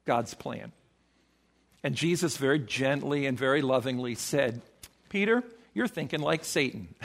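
A man preaching a sermon as pastor, emphatic, acting out quoted voices with sudden swings in pitch.

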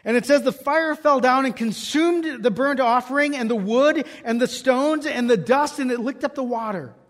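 A man's voice: very high voice, normal speed, a bit bright. A man preaching a sermon, telling a scripture story and raising his voice when he quotes it. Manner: storytelling, quoting scripture with raised voice. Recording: long hall reverb.

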